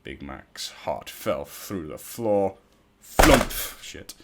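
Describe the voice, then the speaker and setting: A man's voice: deep voice, big pitch swings, very slow, heavy background noise. A man casually reading a fan story aloud, stumbling over words and breaking off into profane, self-mocking asides. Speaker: fan fiction reader.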